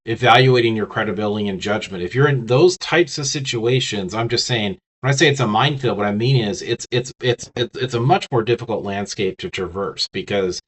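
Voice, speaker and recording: A man's voice: fairly low pitch, a little fast, hardly any pauses, a bit bright, husky. A man teaching business communication in a casual lecture, talking straight to the listener with frequent restarts and fillers. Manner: conversational, many restarts and fillers, talks to the listener directly. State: has the hiccups.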